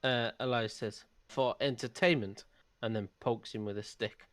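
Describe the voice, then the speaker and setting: A man playing in a tabletop game, speaking his character's lines in a measured, wry way. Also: lowish voice, little pitch movement, a bit bright, no echo. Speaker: player.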